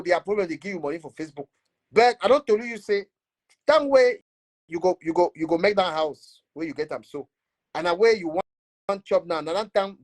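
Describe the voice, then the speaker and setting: A Cameroonian man, a blogger, scolding in animated Pidgin English and switching into French. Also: a little high. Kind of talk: ranting commentary.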